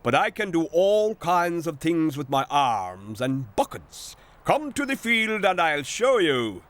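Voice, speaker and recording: A man's voice: medium pitch, sing-song, slow, pushed and bright, full character voice. A man voicing a proud, boastful male digger machine in a pompous, self-important manner for a storybook cartoon. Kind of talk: storybook character voice.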